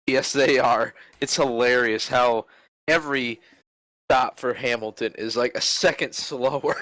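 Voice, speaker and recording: A man's voice: medium pitch, steady tone, a little slow, a bit bright, no echo, rough recording. A man co-hosting a casual motorsport chat, tossing in wry, joking asides. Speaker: motorsport show co-host.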